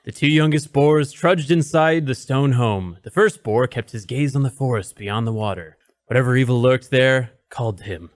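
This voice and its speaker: A man's voice: mid-range voice, normal speed, no echo. A man reading a fairy tale aloud in a dramatic, mock-solemn storybook style. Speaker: narrator. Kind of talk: storybook narration, comedic.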